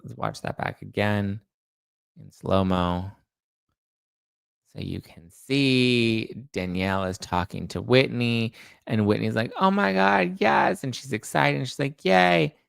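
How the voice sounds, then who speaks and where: This man has a fairly low, gravelly yet smooth voice, speaking a little slowly with no room sound. He hosts a celebrity gossip show, chatting casually and rambling as he reads viewer comments, often restarting and correcting himself.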